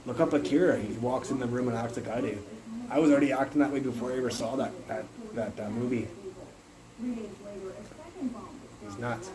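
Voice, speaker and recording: A man's voice: medium pitch, fast talker, a crowd in the background, low-quality recording. A young man talking on a phone livestream in a blunt, profane and rambling way, often restarting his sentences. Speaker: live streamer. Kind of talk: casual rambling live-stream chat.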